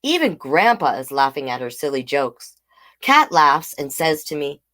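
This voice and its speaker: A woman reading picture books aloud to children, with chatty, animated asides to the viewers. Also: low-pitched, a little slow. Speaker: storytime reader.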